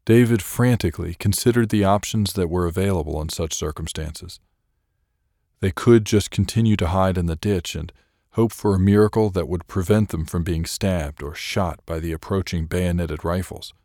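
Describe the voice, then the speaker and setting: Brief: male storyteller, deep voice, dry close recording, measured read. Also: dark tone, dry recording. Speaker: audiobook narrator. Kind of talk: scripted narration.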